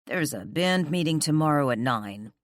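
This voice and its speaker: Woman doing an arrogant young rock star guy, growling, cocky, lowish voice. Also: expressive, normal speed, no echo. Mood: defiant.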